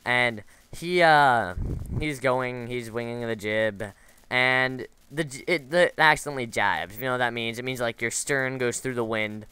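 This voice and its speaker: A man's voice: medium pitch, normal speed, bright, forceful tone, clean tone. A man giving casual, rambling commentary over a video game, drifting into side stories with lots of fillers and restarts. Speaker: gameplay commentator.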